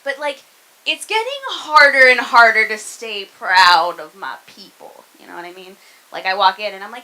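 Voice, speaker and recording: A woman's voice: medium pitch, expressive, normal speed, bright, forceful tone, low-quality recording. A young woman from the American South doing a conversational stand-up set in a comedy club, poking fun at herself and checking in with the crowd. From Arkansas, US South. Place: comedy club room with live audience.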